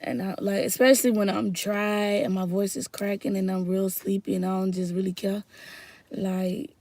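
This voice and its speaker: A young woman from Florida with a Southern accent, chatting casually to her viewers in a rambling, heartfelt way that swings from soft murmurs to loud bursts. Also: medium pitch, flat delivery, normal speed, no room sound. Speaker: vlogger. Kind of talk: casual chat to camera.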